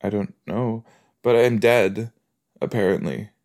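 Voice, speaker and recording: Speaking at a measured pace in a low-ish, darkish voice, a podcast host gives casual solo reactions while watching a TV episode. He chats easily, laughs at his own jokes, and drops in rhetorical asides.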